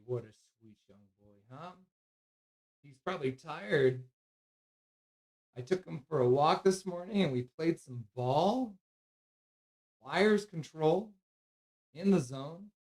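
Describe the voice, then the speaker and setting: A man hosting a live hockey stream, calling the play, reading chat and cooing at his dog in soft baby talk. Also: a little high. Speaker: streamer host.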